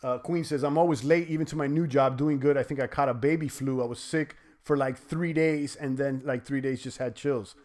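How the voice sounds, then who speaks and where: A man's voice: mid-range voice, steady tone, a little fast, hardly any pauses, a little mellow. A man hosting a livestream, chatting loosely and reading viewer comments aloud. He rambles with many fillers and restarts and trash-talks trolls playfully. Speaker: crypto livestream host.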